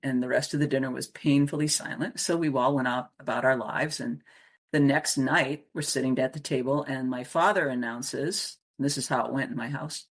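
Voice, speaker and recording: A woman's voice: extremely low pitch, a little fast, breathy edge. A middle-aged woman from Wisconsin, a coach and interview guest, telling stories from her life and acting out the voices of the people in them. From Wisconsin, USA. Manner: animated storyteller who acts out voices. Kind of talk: storytelling in a conversational interview.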